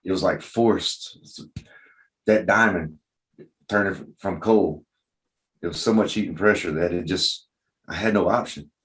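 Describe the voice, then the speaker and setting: A man's voice: low voice, unhurried, pauses often, fairly bright tone. A man being interviewed as a guest on a podcast, speaking in a reflective, heartfelt way. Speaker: guest, former special forces instructor. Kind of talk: casual conversational interview.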